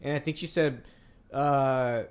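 A man's voice: medium pitch, fairly even intonation, slow pace, clear, resonant tone. A man from New Orleans co-hosting a podcast, joking and wandering off on tangents in casual chat. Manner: jokey, rambling tangents. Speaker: podcast co-host.

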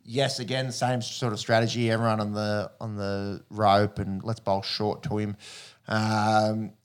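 A man's voice: fairly low pitch, level tone, unhurried, smooth. An Australian man co-hosting a sports podcast, chatting bluntly with lots of slang and fillers. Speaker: podcast co-host. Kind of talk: casual sports chat.

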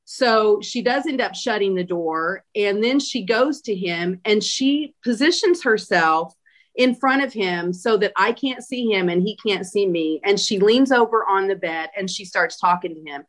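In a conversational interview, a woman recounts a personal experience with emphasis and plenty of fillers. Her mid-range voice is expressive and a little slow.

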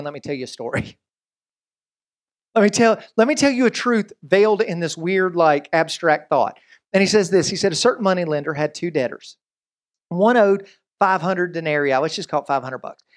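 Preaching as a pastor, a man speaks high in his range and stays lively and conversational, punctuating the sermon with brisk asides and quoted lines in character.

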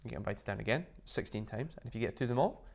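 A man, a guest in an interview, telling his story in a chatty, animated way with lots of fillers and restarts. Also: lowish voice, quick pace, creaky. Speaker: interview guest, business founder. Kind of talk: casual storytelling.

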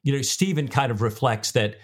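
A man's voice: mid-range voice, a little fast. A man co-hosting a casual book podcast, retelling scenes and reacting with enthusiasm. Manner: enthusiastic, exclaims often. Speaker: podcast co-host.

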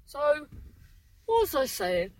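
A woman's voice: sits high, sing-song, slow pace, a little mellow. Rambling young Englishwoman chatting in her car. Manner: rambling, swears freely, chatty. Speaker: vlogger. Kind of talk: casual chatty vlog monologue. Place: sitting in a parked car.

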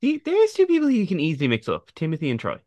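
A man's voice: on the high side, huge pitch swings, fast, dark tone, no echo. A young man co-hosting a podcast in casual chat, giggly and rambling, often restarting mid-thought. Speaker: podcast co-host.

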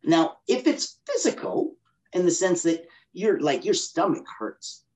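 A man's voice: high voice, lively intonation, measured pace, darkish tone. A man as a guest on a podcast interview, explaining with energy and acting out inner voices. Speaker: guest expert.

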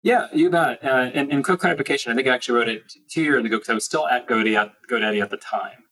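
A man's voice: medium pitch, rapid-fire, fairly bright tone, rough recording. A man guest in an interview, telling reflective stories about his career, with frequent restarts. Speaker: guest, finance executive. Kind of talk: podcast interview.

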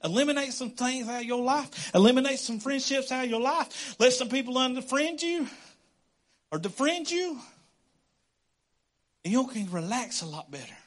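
A man preaching a casual, conversational sermon as a pastor, animated and quick to laugh. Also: very high-pitched. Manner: animated, conversational, laughs often, acts out quotes.

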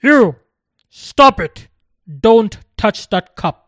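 A narrator voicing a stern elderly man who shouts a sharp warning, in a storybook reading. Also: medium pitch, unhurried, no echo, studio quality, lightly acted. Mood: shouting. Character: elderly man guarding a water pot, stern.

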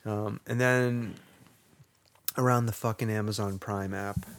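A man's voice: on the low side, steady tone, a little slow. A man co-hosting a podcast, ranting sarcastically and swearing a lot. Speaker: podcast co-host. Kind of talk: casual podcast rant.

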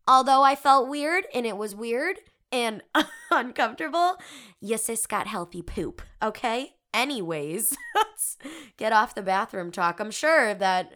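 A woman's voice: mid-range voice, a bit bright. A woman in her twenties hosting a podcast, telling candid, self-deprecating stories in casual chat with frequent giggles. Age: 20s. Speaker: podcast host.

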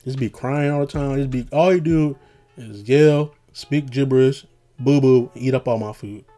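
A man's voice: medium pitch, moderate pace, warm tone, faint music behind. Rambling young man, casual slangy monologue.

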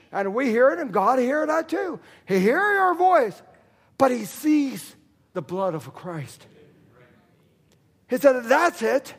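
A man's voice: very high voice, slightly rough. A man preaching a sermon in a church, emphatic and repetitive in his delivery. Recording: long hall reverb.

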